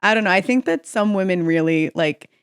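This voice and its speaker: A woman co-hosting a comedy podcast in easy, casual chat. She talks frankly and playfully and laughs a lot, in a mid-pitched voice. The sound is dry and close, with no room around it. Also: lively intonation, brisk, smooth, dry recording. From United States. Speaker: podcast co-host.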